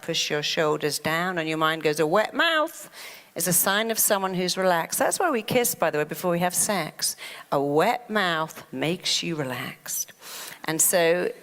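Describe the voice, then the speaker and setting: A woman therapist giving a lively motivational talk who often acts out anxious inner voices. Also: on the low side, big-room sound.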